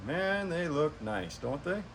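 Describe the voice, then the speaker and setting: A man's voice: fairly high pitch, lively intonation, slow, a bit bright, a little hiss or hum. A man working as a mechanic, explaining an engine teardown in an easygoing, folksy way. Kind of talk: casual shop talk to camera. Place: garage workshop.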